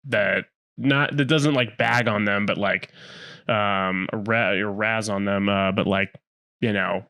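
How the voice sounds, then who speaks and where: A man co-hosting a podcast in casual chat, halting and restarting his words often. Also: lowish voice, fairly even intonation, pushed and bright, clean tone, no room sound. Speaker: podcast co-host.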